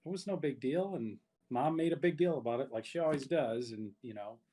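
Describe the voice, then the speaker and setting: A man's voice: medium pitch, lively intonation, a little fast, dark tone, natural voice. Guy voicing a chill grounded teenager, mid voice, casual. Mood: defensive. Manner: casual, shrugging, talks in fillers. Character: laid-back teenage boy, grounded older brother.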